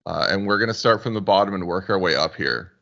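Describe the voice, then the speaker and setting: Man co-host, joking sports banter in quick bursts, bright voice, slightly muffled recording. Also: low-pitched, lively intonation, creaky. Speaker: podcast co-host. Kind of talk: casual sports chat. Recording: dull lo-fi sound.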